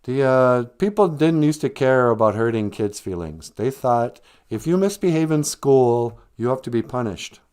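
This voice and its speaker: A man's voice: mid-range voice, lively intonation, moderate pace, hardly any pauses, a little mellow, clean tone. A man hosting a livestream, retelling a story in a rambling, joking, conversational way. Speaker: livestream host. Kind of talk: casual storytelling.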